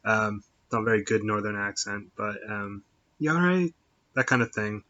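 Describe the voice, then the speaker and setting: Middle-aged male host, very bright tone, rambling casual chat, dull lo-fi recording. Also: lowish voice, completely flat delivery, normal speed. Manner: rambling, with many fillers and restarts. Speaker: podcast host. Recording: dull lo-fi sound.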